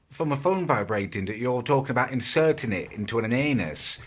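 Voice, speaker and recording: A man's voice: mid-range voice, expressive, fairly quick, husky. A man, ranting mockingly and incredulously in a casual vlog. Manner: mocking, incredulous, laughing at the subject. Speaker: YouTuber reacting to a video about him.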